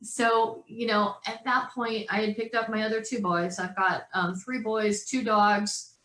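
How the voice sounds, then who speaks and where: A woman in her forties telling a story in an animated way and acting out the voices of others as an interview guest. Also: medium pitch, a little slow, reverberant, a little hiss or hum, low-quality recording. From California.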